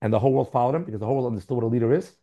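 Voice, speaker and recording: A rapid-fire man lecturing a Torah class with a mid-range voice. He hammers points with rhetorical questions and repeated words. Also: mid-range voice, dark tone. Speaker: teacher.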